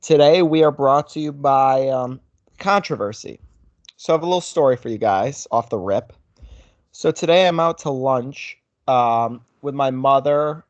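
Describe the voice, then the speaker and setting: A man's voice: medium pitch, dry recording, highs cut off. A young man hosting a podcast, telling a story casually in a rambling way, full of "like". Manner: rambling storyteller, heavy use of "like". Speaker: podcast host.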